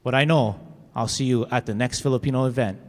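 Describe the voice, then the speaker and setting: A man's voice: medium pitch, quick pace, noisy background. A man speaking as a state senator, paying a folksy tribute to a colleague with many fillers. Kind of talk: formal floor tribute. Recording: legislative chamber with long reverb.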